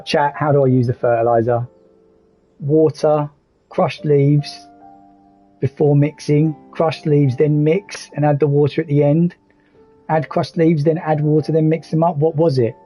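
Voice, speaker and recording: A man's voice: fairly high pitch, level tone, measured pace, warm tone, faint music behind, poor audio. A man streaming a game, joking and chatting with viewers about his play. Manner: jokey, self-mocking, chats with viewers. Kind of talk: live game commentary.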